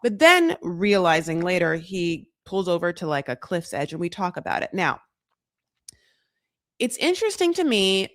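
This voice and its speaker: A woman's voice: lowish voice, big pitch swings, moderate pace, dry recording, studio quality. A woman co-hosting a casual recap podcast, rambling and chatty with lots of fillers. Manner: chatty, lots of fillers, quotes people in put-on voices. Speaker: podcast co-host. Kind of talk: casual reality TV recap chat.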